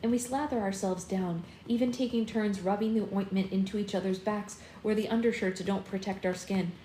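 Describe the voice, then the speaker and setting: A woman's voice: mid-range voice, fairly even intonation, fairly quick, mellow, slight background noise. A woman hosting a book club, reading a first-person novel aloud expressively and acting out the dialogue, on a phone live stream. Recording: roomy room with faint ambience.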